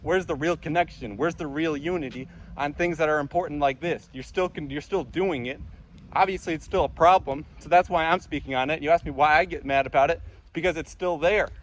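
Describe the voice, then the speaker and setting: Guy ranting hard outdoors, kinda high voice, swears a lot, keeps repeating himself. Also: a little fast, low-quality recording. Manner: intense, profane, repetitive ranting. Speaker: vlogger. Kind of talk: impassioned monologue to camera. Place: outdoors among trees.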